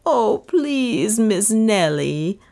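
A woman's voice: medium pitch, sing-song, drawn-out words, gravelly, mellow, pitched above the performer's own voice, heavily acted. A woman reading an audiobook who voices a timid, superstitious housemaid in a plaintive, fretful way. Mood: fretful pleading. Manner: pleading, fretful.

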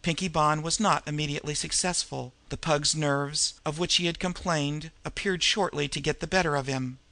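A man reads a crime novel aloud in a steady, measured way. His voice is gravelly with a bright, sharp edge and sits slightly high. The sound is close and dry. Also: no room sound. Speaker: audiobook narrator. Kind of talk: audiobook narration of a crime novel.

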